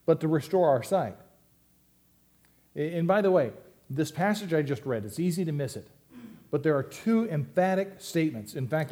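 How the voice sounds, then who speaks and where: A man's voice: on the high side, warm tone. A man preaching a sermon to his church, reading scripture and explaining it in a conversational way with emphatic rises and asides. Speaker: pastor.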